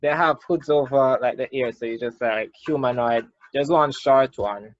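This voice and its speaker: A man running a tabletop game, calmly explaining rules and describing scenes. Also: mid-range voice, moderate pace, no room sound. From Jamaica. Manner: calm, explains rules patiently. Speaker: game master. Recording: dull, dry lo-fi sound.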